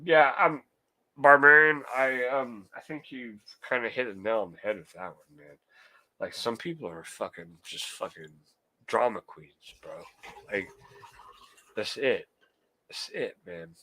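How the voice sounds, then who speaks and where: A man's voice: mid-range voice, unhurried, sharp tone, no echo. A young man streaming live, ranting heatedly and swearing a lot while answering his chat. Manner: profane, heated, talks to chat. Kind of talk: casual ranting monologue.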